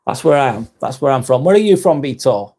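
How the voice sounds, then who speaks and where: A man's voice: mid-range voice, expressive, brisk, a little mellow. Guy on a live stream reading the chat out and answering, friendly, middle voice. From northwest England. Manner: friendly, reads viewer comments aloud and replies.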